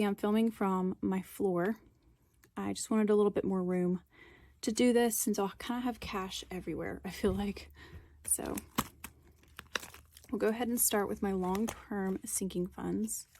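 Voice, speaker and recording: A woman's voice: medium pitch, darkish tone, a little hiss or hum. Chatty young woman vlogging from her floor. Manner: chatty, self-deprecating, counting bills aloud under her breath. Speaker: budgeting vlogger. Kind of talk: casual chatty narration. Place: indoors, sitting on the floor at home.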